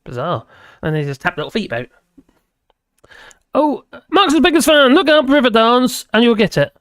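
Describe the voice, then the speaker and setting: A man's voice: very high voice, sing-song, normal speed, fairly bright tone, no room sound, studio quality. A man hosting a live stream, chatting casually with viewers and rambling between topics while laughing often.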